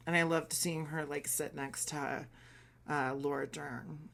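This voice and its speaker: A man's voice: fairly high pitch, flat delivery, slow pace, vocal fry, fairly bright tone, a little hiss or hum. Blunt, opinionated man vlogging. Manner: swears casually. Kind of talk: casual reaction vlog.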